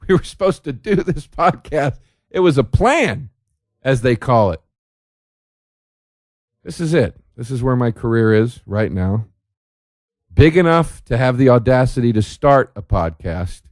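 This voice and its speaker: A man hosts a solo comedy podcast, rambling in a sardonic, profane way and restarting his sentences. His voice sits at an ordinary middle pitch, and the recording is dry with no room sound. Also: a little mellow, dry recording. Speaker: podcast host. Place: indoor room by a window.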